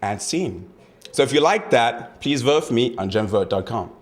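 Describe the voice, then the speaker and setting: Man introducing his audition, lively pitch. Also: normal speed. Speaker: talent show contestant.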